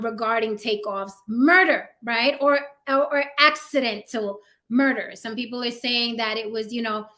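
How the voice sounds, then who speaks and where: A woman's voice: fairly high pitch, bright, forceful tone. A woman hosting her own live-stream talk show, chatting casually with many ums and "right?" asides, her voice a little worn. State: slightly losing her voice. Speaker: host.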